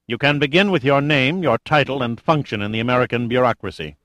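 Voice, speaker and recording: A man's voice: medium pitch, fast, fairly bright tone, no room sound, studio quality, lightly acted. A male narrator voicing an arrogant, menacing male cult leader who talks in a cold, commanding tone. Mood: imperious.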